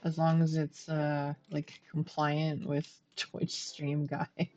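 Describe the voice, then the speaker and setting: A woman's voice: low-pitched, monotone, takes it slowly, a little mellow, muffled recording. A woman streaming a game, chatting and thinking aloud as she plays and talks to her viewers. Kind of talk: live gameplay commentary.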